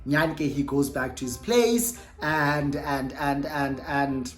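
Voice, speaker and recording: Low-voiced South African woman vlogging. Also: takes it slowly, soft background music. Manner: chatty, self-correcting, mixes in Xhosa words. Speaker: YouTuber. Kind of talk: casual storytime vlog.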